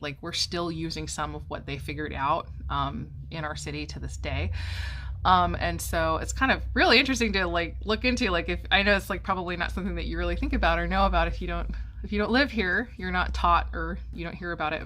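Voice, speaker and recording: A woman's voice: fairly low pitch, a bit bright, a little hiss or hum. A middle-aged woman chatting casually to camera at home, rambling with many ums and restarts. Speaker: vlogger. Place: home, by a window.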